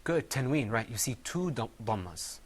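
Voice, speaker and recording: A man teaching a Quran recitation class, patiently quizzing his students and drilling words slowly with them. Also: mid-range voice, big pitch swings, husky.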